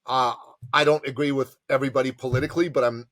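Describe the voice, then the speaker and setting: Passionate man telling animated stories. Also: mid-range voice, fast talker, dry recording. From immigrant to Canada from a tyrannical country. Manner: passionate, emphatic, acts out quotes. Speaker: podcast guest, entrepreneur advisor. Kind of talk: animated storytelling interview.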